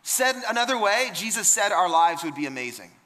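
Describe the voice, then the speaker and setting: A man's voice: sits high, very animated, brisk, bright, forceful tone, big-room sound. A man preaching a sermon in an emphatic, conversational way, often repeating words and restarting phrases. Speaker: pastor.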